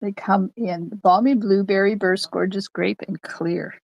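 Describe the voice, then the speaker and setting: Older lady doing a live card-making stream from her craft room, gravelly, unhurried, chatty with viewers, dry sound. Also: medium pitch, steady tone, dry recording, muffled recording. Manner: chatty, talks to viewers while stamping.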